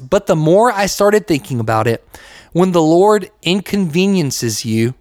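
A man's voice: high voice, sing-song, normal speed, a little mellow, no room sound, studio quality. A young man from the United States talking casually as a Christian podcast host. He uses lots of "like" fillers and acts out little quotes as he goes. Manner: conversational, with many "like" fillers and acted-out quotes. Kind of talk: casual faith podcast talk.

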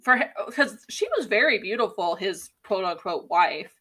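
A woman's voice: mid-range voice, normal speed, husky. A young woman in a casual book chat, talking bluntly and swearing often. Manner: blunt, profane, animated. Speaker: podcast co-host.

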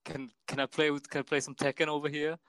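A man's voice: a little high, flat delivery, quick pace, dry recording, voice pushed up. A man putting on a brash, slangy young male gamer dude while telling a story. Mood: pushy. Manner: loud, slangy, pushy.

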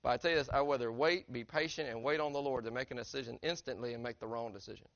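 A man's voice: mid-range voice, quick pace, a bit bright, dry recording, muffled recording. A middle-aged man, preaching a sermon as a pastor in a conversational, earnest way that keeps asking his congregation direct questions. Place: church sanctuary.

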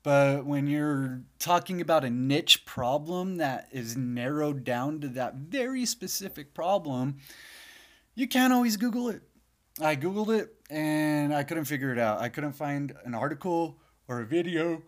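A man's voice: a little high, lively intonation, unhurried. A man hosting his own podcast in a casual, rambling monologue, sleepy and yawning, swearing freely now and then. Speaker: podcast host.

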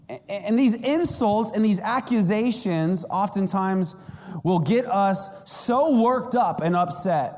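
A man preaching a sermon as pastor, animated and self-mocking, with big jumps in pitch. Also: takes it slowly, long reverb tail. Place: church sanctuary.

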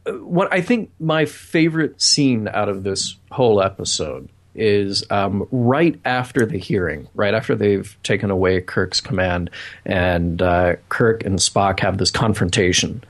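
A man from Alabama co-hosting a podcast in casual discussion, thoughtful and easygoing, quick to laugh. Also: lowish voice. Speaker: podcast co-host.

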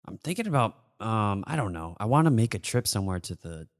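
Lively low-voiced male co-host telling stories. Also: fairly quick. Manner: storytelling, easygoing. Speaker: podcast co-host. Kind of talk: casual chat.

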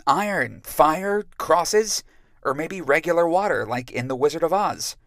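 Cocky young boy, eager and reckless, raised a bit higher, gravelly undertone, male reader. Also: lively intonation, unhurried, a bit bright, no echo, clean studio sound.

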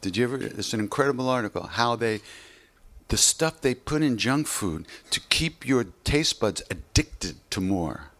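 A man's voice: medium pitch, lively intonation, normal speed, fairly bright tone. A man giving an informal spiritual teaching talk in a loose, conversational way, often saying "you know".

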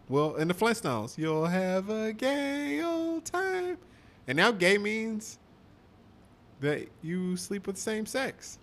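A man's voice: sits high, a bit bright. A young man co-hosting a podcast, rambling in a loose, profane casual chat full of "like" and "man". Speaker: podcast co-host.

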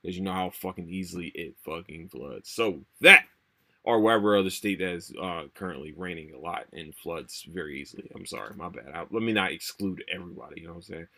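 A young man hosting a solo podcast, rambling and swearing a lot, tired and low on energy. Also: brisk, bright, forceful tone. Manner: profane, rambling, repeats himself. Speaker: podcast host. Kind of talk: casual solo podcast rant.

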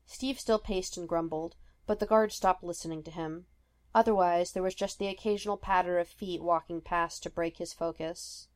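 Lady reading a fanfic podcast, steady and measured, voice on the low side. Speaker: podfic reader. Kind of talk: reading fiction aloud.

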